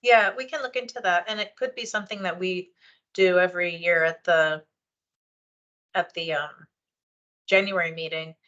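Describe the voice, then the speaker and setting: A woman's voice: on the low side, fairly even intonation, moderate pace, pauses often, fairly bright tone, highs cut off. A woman chairing a public board meeting over a video call, explaining rules conversationally with frequent ums and restarts. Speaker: meeting chair, library official.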